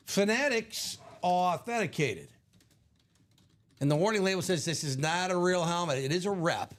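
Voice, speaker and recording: A man's voice: on the high side, measured pace. A man hosting a live card-break stream, upbeat and chatty in a casual way.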